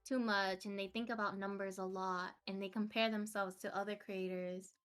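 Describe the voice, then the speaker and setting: A woman's voice: medium pitch, level tone, normal speed, fairly bright tone, faint music behind. A young woman streamer chatting casually as a podcast guest, laughing often. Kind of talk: casual interview chat.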